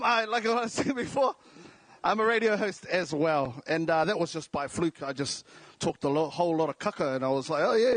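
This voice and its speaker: A man's voice: high voice, a bit bright. A man with a South Auckland accent talking on stage as a comedian, jokey and self-deprecating. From New Zealand. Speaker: comedian and radio host. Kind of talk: stand-up style talk. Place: large indoor venue.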